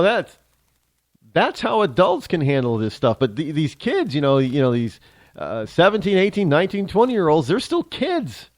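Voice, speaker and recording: Man, talk show host, sarcastic monologue, high and lively pitch, dry recording. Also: dry recording. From United States. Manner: ranting, sarcastic. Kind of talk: opinionated monologue.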